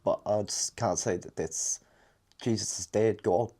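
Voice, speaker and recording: Mellow, hesitant man. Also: fairly low pitch, steady tone, measured pace. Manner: hesitant, thoughtful, many fillers. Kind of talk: casual podcast chat.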